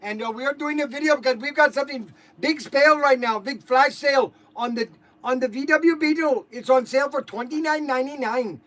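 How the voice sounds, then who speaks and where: A man putting on an Indian accent to play an eager male salesman giving a gushing, repetitive livestream sales pitch. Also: brisk, a bit bright. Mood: excited. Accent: put-on Indian. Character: eager male salesman hawking a flash sale.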